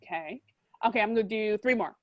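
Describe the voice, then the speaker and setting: Playful woman asking rapid questions. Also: mid-range voice, lo-fi sound. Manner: playful, teasing, drawn-out questions. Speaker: host. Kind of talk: quick-fire interview questions.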